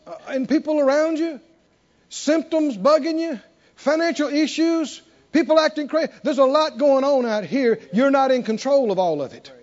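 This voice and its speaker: A man preaching a sermon who moves from quiet, intimate storytelling to loud, emphatic exhortation and leads the congregation in call-and-response. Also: very high voice, dull audio.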